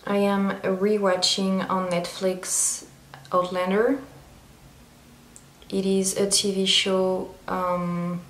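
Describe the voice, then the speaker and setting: A woman chatting casually through a makeup tutorial, meandering and filling pauses with ums. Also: fairly low pitch. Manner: chatty, meandering, frequent fillers. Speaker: beauty vlogger. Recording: roomy echo.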